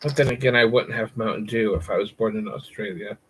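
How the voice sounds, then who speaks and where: A man's voice: fairly low pitch, a little fast, background noise. A man hosting a casual livestream, chatting with viewers and repeating words over and over for crude, silly jokes. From United States. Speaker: livestream host.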